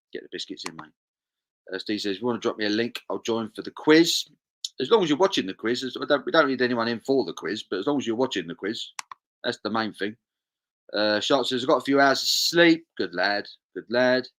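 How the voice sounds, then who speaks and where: A man's voice: fairly low pitch, a bit bright. Upbeat man hosting a stream. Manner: chatty, upbeat, reads viewer comments and laughs along. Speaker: live stream host. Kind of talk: casual chat reading a live chat aloud.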